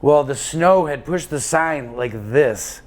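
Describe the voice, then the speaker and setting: A man's voice: fairly high pitch, animated, slow pace. Man telling a long road story. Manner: rambling anecdotal telling with many fillers and restarts. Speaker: guest, endurance cyclist. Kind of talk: casual storytelling interview.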